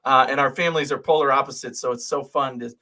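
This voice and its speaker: A man co-hosting a sports podcast, telling relaxed, chatty stories. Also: medium pitch, fast talker. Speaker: podcast co-host. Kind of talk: casual sports podcast chat.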